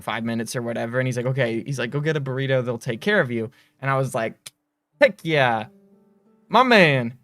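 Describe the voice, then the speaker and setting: A man hosting a game studio's livestream, telling stories in a rambling, animated way on a close mic. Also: medium pitch, no echo. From United States. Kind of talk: casual livestream chat.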